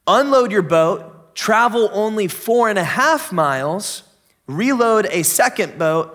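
A man's voice: sits high, a bit bright. A young man preaching a sermon in an enthusiastic, conversational, joking way. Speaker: pastor.

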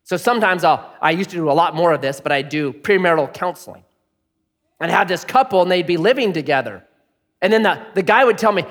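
A man preaching a sermon, telling stories with big swings from loud, excited bursts to hushed, quiet lines. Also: a little high, fast talker. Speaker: pastor. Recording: long hall reverb.

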